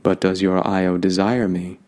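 A man's voice: deep voice, little pitch movement, a little slow, darkish tone. A man voicing the moon as a cool, aloof female spirit who speaks with a sigh. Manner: cool, sighing.

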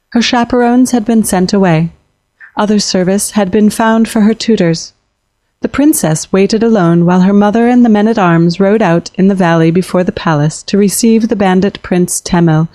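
A woman reads a fantasy story aloud in a steady, measured storytelling voice. Her pitch sits in the middle range, and the recording is dry and close with no room sound. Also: dry recording. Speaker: narrator. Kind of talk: scripted narration of fantasy fiction.

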